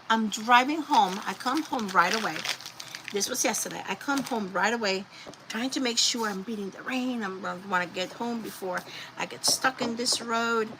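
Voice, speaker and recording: Chatty woman on a noisy craft livestream. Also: on the high side. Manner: chatty, rambling, talks to viewers. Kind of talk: casual live crafting chat. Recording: steady background noise.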